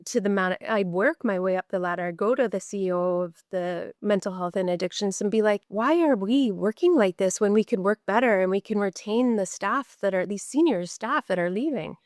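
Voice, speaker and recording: A woman's voice: medium pitch, fairly quick, few pauses, darkish tone, no echo, clean studio sound. A middle-aged woman from Canada, a mental health nurse, talking candidly in an interview and repeating words for emphasis. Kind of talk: podcast interview storytelling.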